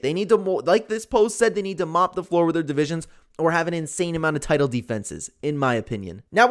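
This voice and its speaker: A man's voice: on the high side, a bit bright. A young man giving casual, opinionated commentary on fight news, with lots of fillers like "like" and "man".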